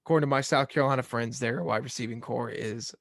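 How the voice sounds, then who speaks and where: A man's voice: medium pitch, quick pace, no echo, studio quality. A young man hosting a casual sports podcast, talking in an easygoing, rambling way. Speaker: podcast host.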